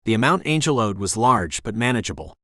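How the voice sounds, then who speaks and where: A man narrating an audiobook with steady, even storytelling. His voice sits on the low side and is recorded close and dry. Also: fairly quick, no echo. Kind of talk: scripted narration.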